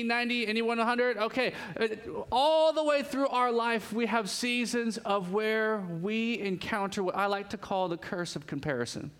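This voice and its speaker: A man in his thirties, a pastor with a bit of congestion, leading a prayer and preaching a sermon with lively storytelling. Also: sits high. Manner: lively storytelling with quoted voices. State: congested, sniffly. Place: church.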